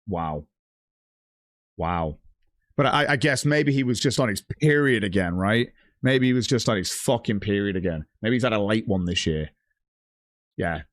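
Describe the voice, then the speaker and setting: A man's voice: fairly low pitch, moderate pace, dry recording, studio quality. A man ranting on a livestream, blunt and heavily profane, reading out chat messages. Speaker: streamer.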